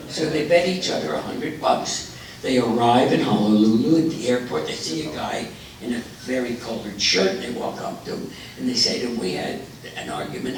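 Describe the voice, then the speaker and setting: A man telling jokes to a live audience, unhurried, louder on the punchlines. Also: medium pitch, very animated, a little hiss or hum. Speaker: joke teller. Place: forum hall. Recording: echoey hall, voice from far off.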